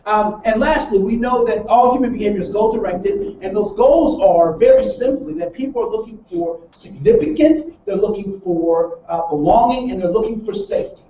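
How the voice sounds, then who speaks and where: Guy running a training seminar, storytelling, asks the room questions, high-ish voice, sounds far off and echoey. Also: expressive, moderate pace, hardly any pauses, dark tone, a little hiss or hum. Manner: storytelling with rhetorical questions to the audience. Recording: roomy, distant, dull sound.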